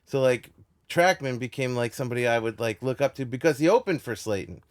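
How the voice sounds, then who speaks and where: A man's voice: medium pitch, expressive, fairly quick. Man rambling through a story. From New York. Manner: rambling with many restarts. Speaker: podcast host. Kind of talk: storytelling in casual chat.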